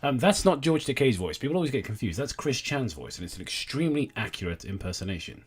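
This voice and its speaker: A man's voice: mid-range voice, big pitch swings, fast, husky. A young man hosting a livestream, reading aloud and thanking donors in a wry, sweary way. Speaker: livestream host. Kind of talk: casual livestream commentary.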